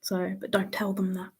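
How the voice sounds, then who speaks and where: Casual woman for a live Q&A stream, slow and easygoing, quick to laugh. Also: mid-range voice, a little mellow, slightly rough. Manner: chatty, laughs often, reads out viewer questions. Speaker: livestream host answering viewer questions.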